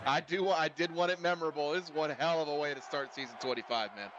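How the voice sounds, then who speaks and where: A man with a fairly high voice adds color commentary to a livestreamed game. He banters with the chat and laughs easily. Faint noise runs behind him. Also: fast talker, fairly bright tone, highs cut off. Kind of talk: casual stream game commentary.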